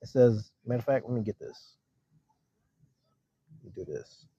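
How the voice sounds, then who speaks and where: Husky-voiced man preaching casually. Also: on the low side, animated, warm tone, no echo. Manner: conversational, keeps checking in with listeners, reads verses slower. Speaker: street preacher teaching scripture. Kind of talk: casual sermon with scripture reading. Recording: dull lo-fi recording.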